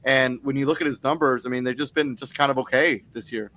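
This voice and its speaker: A man co-hosting a sports podcast, laying out trade scenarios in a steady, explaining way, often saying "I mean". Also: mid-range voice, quick pace, rough recording. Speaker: podcast co-host. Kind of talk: casual sports talk.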